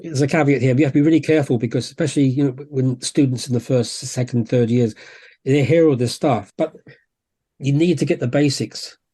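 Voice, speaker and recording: A man, a homeopath guest on a podcast, telling stories in a relaxed, anecdotal way and acting out quotes. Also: medium pitch, a little fast, husky. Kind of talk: conversational storytelling.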